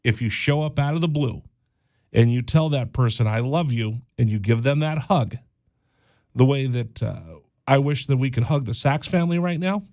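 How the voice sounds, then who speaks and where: A man hosting a radio show, speaking in a halting, heartfelt monologue, often repeating words and close to tears. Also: mid-range voice, darkish tone, no echo. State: teary-eyed. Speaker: radio host.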